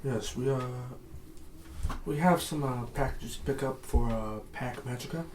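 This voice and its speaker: A soft-spoken man playing a tabletop game who answers in short, halting phrases. He sits well back from the mic, so his voice comes through roomy and echoey with faint background hiss. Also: medium pitch, distant mic. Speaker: player.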